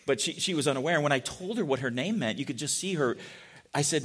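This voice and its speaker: A middle-aged man preaching a sermon in a relaxed, conversational way, often asking the congregation questions. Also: mid-range voice, quick pace. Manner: chatty, asks the congregation questions. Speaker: pastor.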